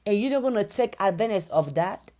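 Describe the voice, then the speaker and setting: A woman's voice: medium pitch, expressive, fairly quick, dark tone. A woman hosting a live stream who talks to her viewers with emphatic, grateful repetition. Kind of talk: casual live stream chat.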